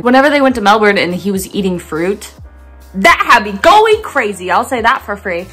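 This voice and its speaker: A woman's voice: mid-range voice, very animated, moderate pace, a bit bright, slightly rough. A young woman chatting playfully in her bedroom as she talks through a painting project, wandering off into rambling asides. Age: young adult. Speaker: art vlogger. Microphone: phone camera.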